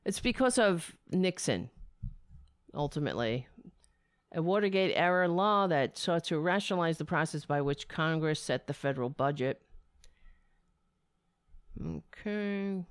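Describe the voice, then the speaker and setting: A woman ranting angrily about politics, profane and sarcastic, who drops into a soft baby voice for her cat. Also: low-pitched, animated, unhurried, long pauses, clean tone, no room sound, clean studio sound. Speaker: political commentator.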